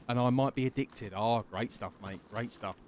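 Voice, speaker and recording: A man's voice: mid-range voice, moderate pace, a little mellow, slight background noise. A man streaming a survival game, chatting casually with viewers, greeting them by name and swearing freely. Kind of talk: casual live-stream chat while gaming.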